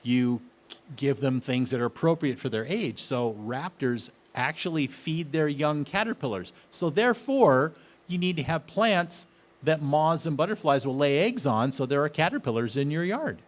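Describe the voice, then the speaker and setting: A man leads a gardening lesson. His voice sits a little high, and he talks in a chatty, excited way. He keeps turning questions back to his audience. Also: normal speed. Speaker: gardening speaker. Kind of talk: casual outdoor garden talk.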